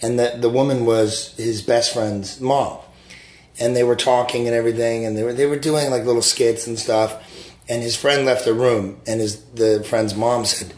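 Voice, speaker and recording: A man's voice: mid-range voice, steady tone, normal speed, a little mellow, reverberant. A man hosting a podcast in casual chat, easygoing and telling anecdotes with some hesitation. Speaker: podcast host.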